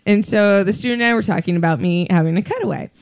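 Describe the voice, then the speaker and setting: Animated woman telling a story. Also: mid-range voice, fast talker. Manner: animated storytelling, laughs often. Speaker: podcast guest, skydiving instructor. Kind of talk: casual chat.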